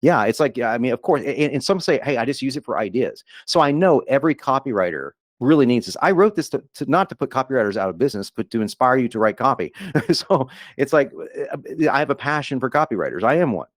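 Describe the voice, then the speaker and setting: A man giving an enthusiastic, rambling sales pitch on a webinar as a guest copywriter, with frequent restarts and laughs. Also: lively intonation, fast, no echo, clean studio sound.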